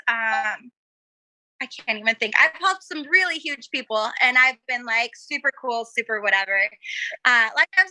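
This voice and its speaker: Woman, young adult, podcast guest, bubbly, giggly, dry close sound, high voice. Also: sharp tone, no room sound, low-quality recording. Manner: bubbly, giggly storyteller acting out quotes. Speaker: cosplayer guest. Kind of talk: casual podcast chat.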